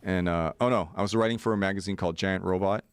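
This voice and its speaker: 40s guy spinning a story, fairly low voice, acts out the voices, lots of likes and ums. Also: steady tone, fast, smooth, no room sound. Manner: acts out voices in quotes, many fillers. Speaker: podcast guest. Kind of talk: animated storytelling.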